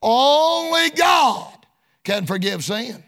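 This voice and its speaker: A male preacher delivering a sermon in a sing-song cadence, often shouting, with folksy colloquial phrasing. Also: very high voice, sing-song, drawn-out words, gravelly.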